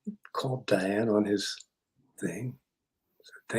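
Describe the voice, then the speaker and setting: Older man telling a story, animated. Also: medium pitch, normal speed. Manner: animated, often laughs, repeats words when starting a sentence. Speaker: interview guest, psychotherapist. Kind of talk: anecdotal storytelling.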